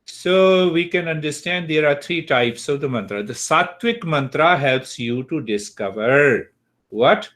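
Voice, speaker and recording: Slow-speaking man teaching. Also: fairly high pitch, lively intonation, a bit bright. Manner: slow, deliberate, checks in with students. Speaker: spiritual teacher. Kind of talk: online class lecture.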